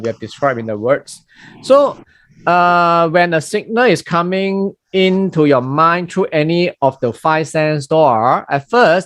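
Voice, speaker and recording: A middle-aged man giving a dharma talk in a lecture room, animated and acting out everyday scenes with colloquial exclamations, with many fillers and restarts. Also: mid-range voice, no room sound, clean studio sound. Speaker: Buddhist teacher.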